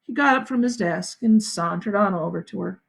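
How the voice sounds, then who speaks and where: A woman school principal reading a novel aloud to her students with expressive storytelling. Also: medium pitch, moderate pace, vocal fry, husky. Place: home, livestream.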